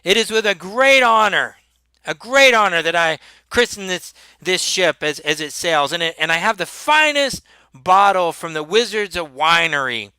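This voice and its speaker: A man's voice: sits high, lively intonation, moderate pace, pushed and bright, smooth, no echo, heavily acted. A man voicing a pompous, fussy male noble lord who gives grand speeches in a tabletop game.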